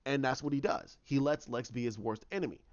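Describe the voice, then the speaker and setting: A man speaking fairly quickly at medium pitch lays out his own film concept in a relaxed, rambling manner. Restarts and fillers are everywhere, and the recording is dull and lo-fi.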